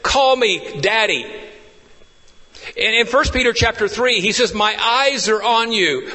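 Pastor guy preaching, voice up high, lots of passion then drops real quiet, big echoey church. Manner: impassioned preaching that drops to hushed, intimate lows. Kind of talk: sermon.

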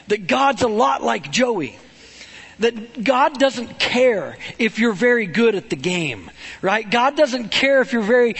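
A man preaching a storytelling sermon in an animated, conversational way, often checking in with "right?". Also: extremely high pitch, breathy edge.

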